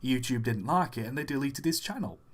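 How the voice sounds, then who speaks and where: A man voicing Doctor Watson, reasoning slowly and hesitantly. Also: medium pitch, lively intonation, natural voice. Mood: thoughtful. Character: deliberate male sidekick, Doctor Watson.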